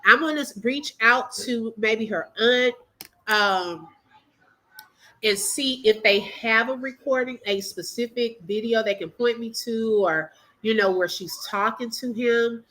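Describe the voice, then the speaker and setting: A woman's voice: a little high, a little slow, bright, forceful tone, poor audio. A middle-aged woman hosting a casual livestream, emotional as she talks straight to her viewers and reads their comments aloud. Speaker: livestream host.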